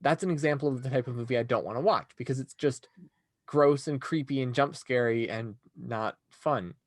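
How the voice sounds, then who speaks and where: A man co-hosting a casual podcast, blunt and animated, with restarts. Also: medium pitch, normal speed, no echo, studio quality. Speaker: podcast co-host. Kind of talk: casual chat.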